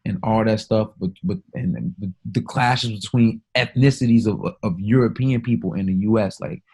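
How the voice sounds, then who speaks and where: Low-voiced man ranting on a podcast. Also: moderate pace, darkish tone, breathy edge. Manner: emphatic, profane, storytelling. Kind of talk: casual podcast chat.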